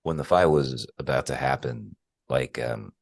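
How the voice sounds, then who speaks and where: Very deep gravelly podcast man. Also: moderate pace, dry recording. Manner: laid-back, rambling, full of fillers. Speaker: podcast co-host. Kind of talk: casual chat.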